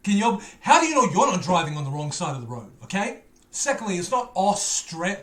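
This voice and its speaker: A man's voice: sits high, very animated, fairly quick, a bit bright, roomy sound. A man hosting a music reaction video, chatting casually with playful, teasing, self-mocking banter.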